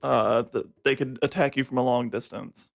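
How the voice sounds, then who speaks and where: A man's voice: medium pitch, steady tone, moderate pace, gravelly. A young man on a podcast as a guest, chatting casually, laughing often and stumbling through his sentences. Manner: laughs often, hesitant with restarts. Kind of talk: casual chat.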